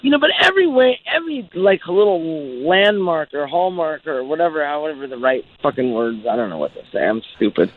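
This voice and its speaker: Guy rambling and cussing in an old interview clip, kinda high voice, sounds like a phone line. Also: very animated, a little fast, few pauses, a little hiss or hum. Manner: swears a lot, rambling and searching for words. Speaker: interviewed musician. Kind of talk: casual interview.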